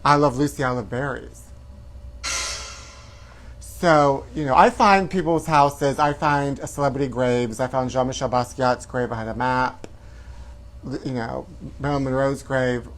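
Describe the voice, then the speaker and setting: A man's voice: mid-range voice, steady tone, a little slow, fairly bright tone. A man hosting a comedy gossip show, talking in a flamboyant, campy way and calling listeners honey. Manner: flamboyant, calls viewers honey.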